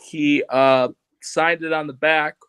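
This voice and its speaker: A man co-hosts a casual podcast chat over a video call setup, sitting back from the camera. His voice is a little high, steady, slow, slightly bright, clear and resonant, though it sounds a bit off today as if he's unwell. He rambles with plenty of fillers and throws in cartoon voice impressions.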